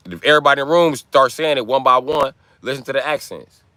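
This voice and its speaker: A man's voice: mid-range voice, fast talker, pushed and bright, dry recording. A man hosting a livestream, ranting in brash, profane trash talk. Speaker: livestream host. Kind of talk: live-stream rant.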